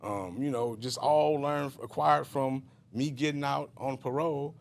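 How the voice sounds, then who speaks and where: A man's voice: mid-range voice, fairly even intonation, measured pace, creaky, a little hiss or hum. A middle-aged man from Richmond, California, a guest telling his life story in a rambling, casual way with many fillers and restarts.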